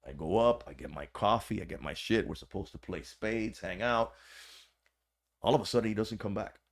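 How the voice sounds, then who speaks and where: A man telling a story in a low voice with a gravelly, fry-laden edge. He is a podcast guest and former corrections officer. His talk is animated, slangy and full of swearing. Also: moderate pace. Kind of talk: casual storytelling.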